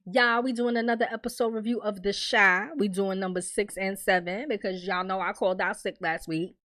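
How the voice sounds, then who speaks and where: A young woman vlogger, recapping a TV episode in a casual, animated way and acting out the characters' lines. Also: mid-range voice, fairly quick, no room sound. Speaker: vlogger reviewing a TV series.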